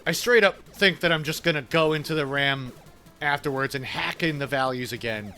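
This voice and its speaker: A man's voice: a little high, normal speed, pushed and bright, soft background music. A man from New York with an Italian-American New York accent, chatting casually and laughing while streaming a game. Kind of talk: casual chat while gaming.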